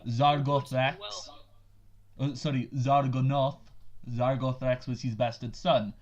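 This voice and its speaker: A man's voice: mid-range voice, little pitch movement, slow pace, muffled recording, close to an everyday voice. A man voicing a sly, secretive male wizard with a put-on French accent, speaking evasively and hesitantly.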